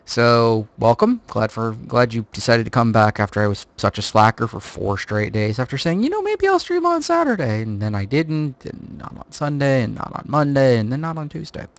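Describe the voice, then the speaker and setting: A man's voice: medium pitch, fairly even intonation, normal speed, hardly any pauses. A man streaming a game live, chatting casually in a rambling, jokey way and swearing freely. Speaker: livestreamer.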